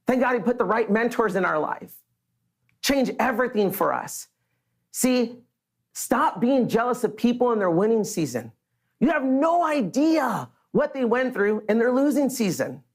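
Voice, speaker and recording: A man from the Los Angeles area giving an earnest, energetic motivational stage speech and talking straight to the crowd. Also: extremely high pitch. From Los Angeles area, USA. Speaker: motivational speaker.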